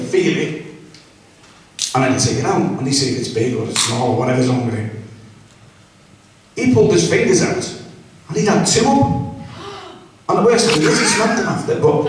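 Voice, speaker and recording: A man's voice: on the high side, a little hiss or hum. A man doing crude, chatty stand-up and talking to the audience by name. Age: 60s. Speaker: stand-up comedian. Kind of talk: open mic stand-up. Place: small comedy club. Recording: very echoey room from far off.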